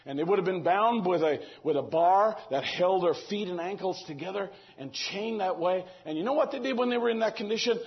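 An older man preaching a sermon, animated and acting out the voices he quotes. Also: high voice, a little fast, dull audio.

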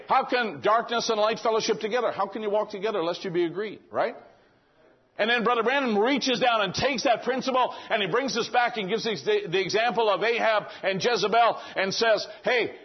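Husky high-voiced male preacher. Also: highs cut off. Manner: conversational storytelling with quoted dialogue. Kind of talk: sermon.

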